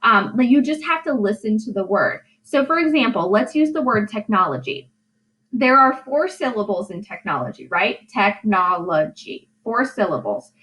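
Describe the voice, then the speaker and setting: A woman's voice: a little high, very animated, normal speed, fairly bright tone, poor audio. A woman teacher giving a recorded English lesson, drawing out syllables and checking in with "right?". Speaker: high school English teacher.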